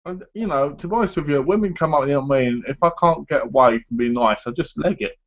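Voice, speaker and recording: A man's voice: fairly high pitch, quick pace. A man chatting casually, telling rambling, jokey stories and losing his words. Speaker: co-host. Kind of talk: casual chat. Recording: slightly dull lo-fi sound.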